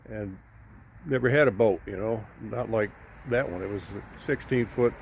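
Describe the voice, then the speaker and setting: At a boat launch by a creek, a widower vlogger talks to his own camera in a voice on the low side at a moderate pace. His long story is folksy and rambling, full of fillers, with outdoor noise and traffic in the background.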